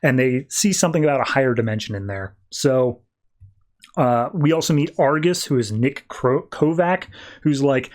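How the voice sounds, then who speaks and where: A man's voice: medium pitch, normal speed. Rambling man recapping comics casually. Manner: loose and rambling, heavy on "like" and "uh" fillers. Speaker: podcast host.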